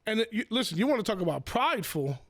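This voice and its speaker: High-voiced man telling animated stories. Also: quick pace, no room sound, studio quality. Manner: animated, repeats words, swears, acts out quotes in raised voice. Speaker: professional sports bettor. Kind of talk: casual storytelling.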